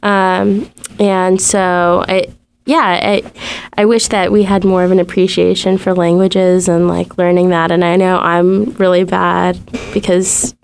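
A woman's voice: on the low side, flat delivery, unhurried, gravelly, clear, resonant tone. A young woman college student talking on a radio show, chatty and rambling with lots of fillers. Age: young adult. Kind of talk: casual radio chat.

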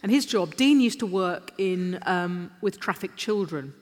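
A middle-aged Englishwoman tells anecdotes on a festival stage, bouncing from one restart to the next and poking fun at herself. Her voice sits a little low for a woman. The sound carries the long reverb of a big hall. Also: a little slow. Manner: animated, self-deprecating anecdotes with restarts. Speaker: interview guest. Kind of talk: live on-stage storytelling.

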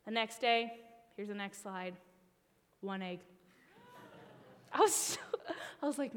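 Woman preacher, high bright voice, expressive delivery that sinks to near-whispers; long echo of a big sanctuary. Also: moderate pace, pauses often. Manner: expressive, trailing phrase ends into a whisper. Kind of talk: sermon with a personal story.

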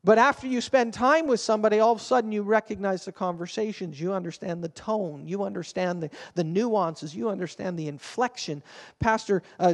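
A man in his fifties, a pastor preaching a sermon with an animated storytelling manner, swinging between quiet and loud. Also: high-pitched, long reverb tail.

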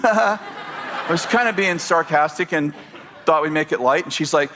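A man preaching a sermon, animated and joking as he tells stories to his congregation. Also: fairly high pitch, fast talker. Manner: animated, storytelling with humor and asides. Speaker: pastor.

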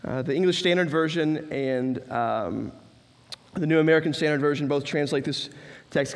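A man's voice: a little high, normal speed, in a large hall. A man preaching a sermon as pastor, earnest and building emphatic lists with rising stress.

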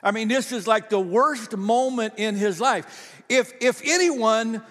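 Male pastor, higher voice, folksy and conversational, church sanctuary with long hall echo. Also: unhurried, a bit bright. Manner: folksy, conversational storytelling with frequent restarts. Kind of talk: sermon. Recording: long reverb of a large hall.

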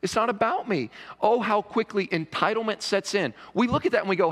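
Brief: male pastor, lively preaching delivery, long church-hall reverb. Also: high voice, brisk, few pauses. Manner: conversational preaching, rising to emphatic pleading. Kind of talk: sermon. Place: church sanctuary.

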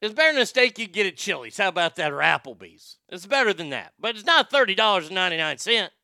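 Male host, high gravelly voice, loose cursing banter, clean dry mic. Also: big pitch swings, fast talker, bright, forceful tone, no room sound. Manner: loose, joking, profane banter. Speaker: show host. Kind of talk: casual rambling chat show.

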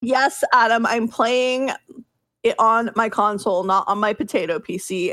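Chatty, laughing higher-voiced woman. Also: unhurried, no echo, studio quality. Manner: laughs often, swears casually, animated storytelling. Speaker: podcast co-host. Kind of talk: casual gaming chat.

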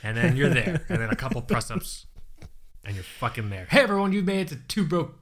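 A man's voice: mid-range voice, very animated, fairly quick, fairly bright tone. A young man co-hosting a podcast in casual chat, joking and swearing freely as he rambles. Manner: profane, joking, loose rambling delivery. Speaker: podcast co-host.

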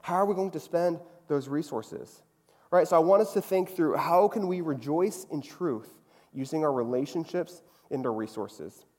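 A man's voice: on the high side, moderate pace, a little mellow. Young male preacher, chatty, in a hall. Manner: chatty, frequently asks "right?". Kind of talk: conversational sermon. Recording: long reverb of a hall.

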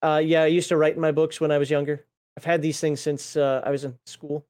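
A man's voice: fairly high pitch, little pitch movement, fairly quick, darkish tone. A man chatting casually as a streamer while paging through tabletop game books, rambling, swearing offhand and laughing at himself. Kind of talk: casual chat.

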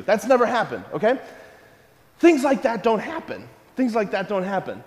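Playful male priest preaching to a live crowd, high-pitched, in a hall with a long reverb. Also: brisk. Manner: animated and playful, full of rhetorical questions. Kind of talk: sermon-style talk to a live audience.

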